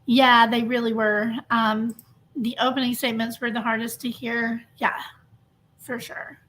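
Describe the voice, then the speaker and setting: A woman's voice: on the high side, little pitch movement, moderate pace, fairly bright tone, a little hiss or hum. Chatty woman streamer greeting viewers. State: emotionally drained. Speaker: true crime livestream host. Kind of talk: casual livestream chat.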